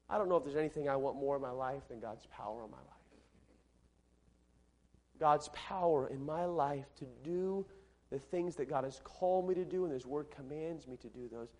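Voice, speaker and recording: A man preaching a sermon in a large church, emphatic, repeating his phrases and swinging between loud and soft delivery. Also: on the high side, animated, moderate pace. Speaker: pastor.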